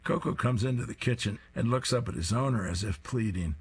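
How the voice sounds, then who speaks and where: A man's voice: mid-range voice, a little fast, slightly rough. A man reading comic strips aloud, describing each panel in an amused way.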